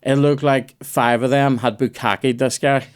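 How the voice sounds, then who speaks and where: A young man, hosting a comedy podcast and telling a story in a profane, animated way. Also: mid-range voice, normal speed, smooth. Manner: profane, animated, puts on voices in quoted dialogue.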